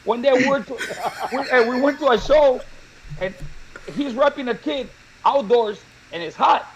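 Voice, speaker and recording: A man co-hosting a talk show, telling funny stories in a lively, laughing way. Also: very high-pitched, measured pace, crowd noise, rough recording. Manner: animated, laughing storyteller. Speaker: show co-host. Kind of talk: casual storytelling chat.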